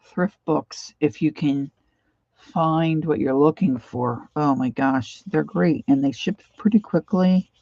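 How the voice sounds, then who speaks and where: Speaking low and taking her time, a middle-aged woman with a Pennsylvania accent paints on a livestream and rambles chattily, adding warm, nostalgic asides. She's from Pennsylvania and hosts the art stream. The recording is dry, with the highs cut off.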